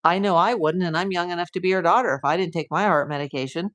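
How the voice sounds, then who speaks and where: A woman's voice: lowish voice, quick pace, fairly bright tone. A woman hosting a live stream as a private investigator, talking through a case with emphatic, indignant rhetorical questions. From USA.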